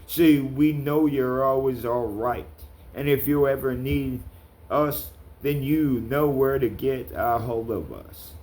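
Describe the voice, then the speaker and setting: A man's voice: medium pitch, slow pace, a little mellow, a little hiss or hum. A man ranting to camera in a vlog, calling out people by name, with blunt, profane talk. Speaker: vlogger.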